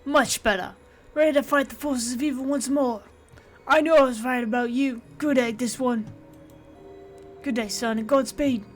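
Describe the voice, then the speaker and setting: Woman putting on a wounded old man, gruff, fatherly, clipped odd grammar, game character. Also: high voice, steady tone, moderate pace, soft background music, pitched above the performer's own voice, close to an everyday voice. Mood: grateful. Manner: calls everyone son, clipped odd grammar.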